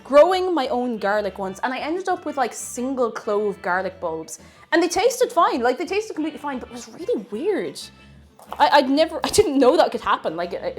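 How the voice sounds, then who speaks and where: A young woman with a Tipperary Irish accent talks through a cooking stream, greeting viewers and laughing as she goes. Her voice sits a little high and swings widely in pitch. Faint music plays behind her. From Tipperary, Ireland. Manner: chatty, giggly, greets chat warmly. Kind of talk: casual cooking stream chat.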